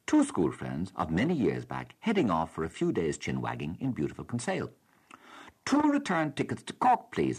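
Deep husky Irish radio host. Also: male voice. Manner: wry, reads letters with lively expressive delivery. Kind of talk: reading out listener letters and replying. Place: radio studio.

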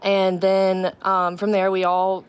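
A woman's voice: medium pitch, completely flat delivery, takes it slowly, smooth. A woman actress speaking as a guest in a radio interview, earnest and eager with frequent ums.

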